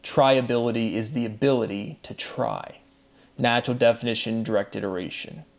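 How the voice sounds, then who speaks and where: A man giving a solo monologue of word derivations, methodical and repetitive, his voice dropping quietly at the end of each set phrase. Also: mid-range voice, moderate pace, vocal fry. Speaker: host. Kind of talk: solo recorded commentary.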